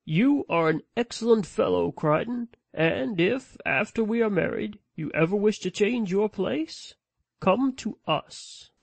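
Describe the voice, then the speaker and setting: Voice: medium pitch, expressive, a little slow, vocal fry, no room sound. A reader playing a priggish young aristocrat who scolds his mother.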